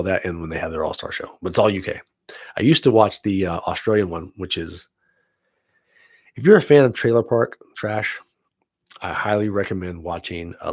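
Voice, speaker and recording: A man's voice: low voice, creaky, breathy edge, dry recording. A man in his forties hosting his own vlog, chatting casually and enthusiastically and swearing freely. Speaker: vlog host, film student. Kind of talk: casual rambling chat.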